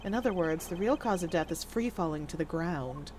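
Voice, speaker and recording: A woman voicing a cool, formal male prosecutor who lays out his reasoning in a measured, precise way. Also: fairly low pitch, expressive, darkish tone, a little hiss or hum, voice pushed down, close to an everyday voice. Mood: calm, deductive.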